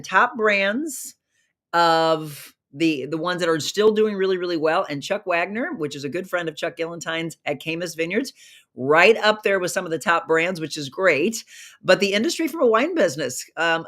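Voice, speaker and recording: A middle-aged woman hosting a live online talk show, chatty and upbeat, greeting viewers by name and reading their comments, her voice a little hoarse from a recent virus. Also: lowish voice, a bit bright.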